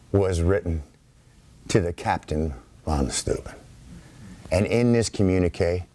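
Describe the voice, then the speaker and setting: A middle-aged man, an author, giving a talk at a library and telling history as animated, acted-out anecdotes. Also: lowish voice, dry recording. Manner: animated storyteller who acts out anecdotes. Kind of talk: public lecture storytelling. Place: library event room.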